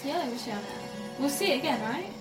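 A woman's voice: high voice, lively intonation, fast talker, music in the background. A woman chatting casually while watching a film with a friend, swearing freely and laughing often. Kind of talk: casual watch-along chat. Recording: roomy sound with crowd noise.

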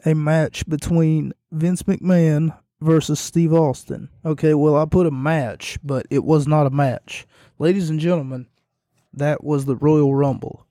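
A man hosting a casual solo podcast, talking in a monotone while losing his voice and sounding hoarse. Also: fairly high pitch, normal speed, no room sound, studio quality. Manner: monotone delivery. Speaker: podcast host.

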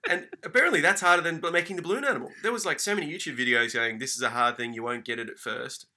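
A man on a casual podcast, telling a story as an animated, mock-furious rant. He swears freely and his tone is very bright and sharp. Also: fairly high pitch, very fast. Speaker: podcast co-host.

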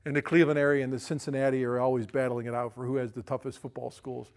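Middle-aged pastor guy, gravelly voice, chatty folksy sermon, keeps asking "right?". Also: mid-range voice, level tone, fast, darkish tone. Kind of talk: sermon storytelling.

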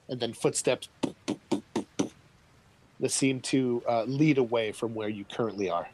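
A man running a tabletop game as game master, describing scenes and calling for rolls with a relaxed, laughing manner. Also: medium pitch, measured pace, long pauses, slight background noise, rough recording.

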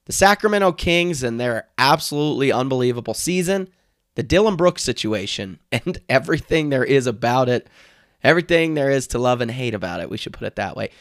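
Hoarse, excited male podcast host. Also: mid-range voice, a little fast, dry recording, clean studio sound. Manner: excited, energetic delivery. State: hoarse, strained voice. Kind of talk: casual sports podcast chat.

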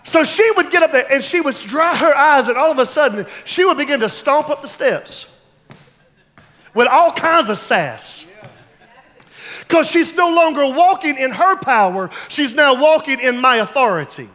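A male pastor preaching a sermon, telling stories and building to loud, emphatic shouts. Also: very high voice, animated, normal speed, in a large hall.

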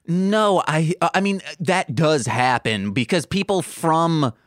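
A man from Michigan co-hosting a podcast in casual chat, animated and jokey. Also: fairly high pitch, slow pace, no echo, studio quality. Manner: animated, jokey, does mocking voices. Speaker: podcast co-host.

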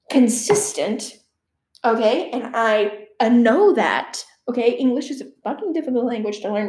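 Teen girl, slow talker, lively high voice, rambling casual chat, swears a lot, echoey room. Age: teens. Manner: chatty, rambling, swearing, laughing asides.

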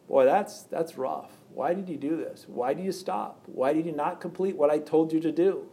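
Earnest preacher man, slightly high voice. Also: darkish tone. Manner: reads scripture aloud then explains it, with repeated rhetorical questions. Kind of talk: sermon.

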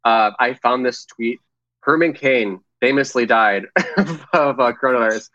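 A man's voice: mid-range voice, unhurried, sharp tone, no room sound, lo-fi sound. A man co-hosting a casual political podcast, rambling with many fillers and crude jokes. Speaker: podcast co-host.

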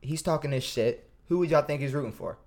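A man co-hosting a podcast, telling a story in a profane, animated way with lots of stammers and restarts. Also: on the high side, brisk. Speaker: podcast co-host. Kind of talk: casual storytelling chat.

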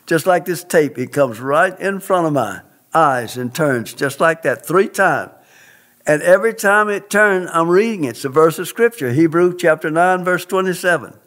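A man's voice: on the high side, animated, normal speed, a bit bright. A man telling a personal testimony in an interview, speaking in an earnest, emphatic, preacherly way.

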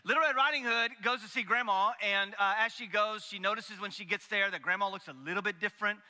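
A pastor with a high-pitched, sharp voice preaches a sermon at a quick pace in a church sanctuary. He's folksy and joking, makes asides to the congregation, and acts out voices in his stories. The recording has a long hall reverb.

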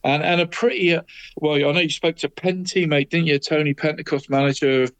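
A man's voice: on the high side, fairly quick, a bit bright. A man going through local football results in casual podcast chat, tacking "mate" onto nearly every phrase. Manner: chatty, says "mate" after almost every phrase.

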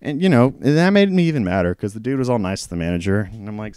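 A man with a low, resonant voice telling a story in a casual storytime rant. He swears freely and sounds exasperated as he rambles from one point to the next. The recording is dry and close, with no room sound. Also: very animated, quick pace, few pauses, mellow, no echo. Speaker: former pharmacy store clerk telling a work story.

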